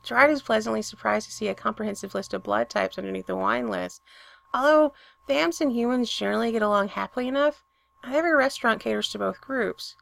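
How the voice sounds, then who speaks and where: A woman reading a romantic story aloud with expressive storytelling. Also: a little high, fast, creaky. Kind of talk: reading fan fiction aloud.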